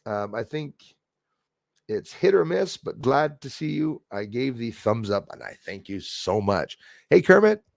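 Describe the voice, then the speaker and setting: A man's voice: medium pitch, animated, unhurried, creaky, dry recording, studio quality. A man, hosting a casual livestream, chatting along and thanking viewers by name. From Canada. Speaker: livestream host. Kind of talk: casual livestream chat, reading viewer comments.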